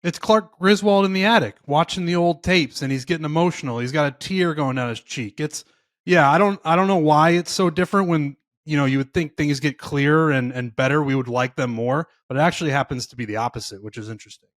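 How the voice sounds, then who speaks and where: A man on a podcast making quick, dry wisecracks in casual chat. His voice sits a bit above average in pitch, and the sound is dry and close to the mic. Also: no echo.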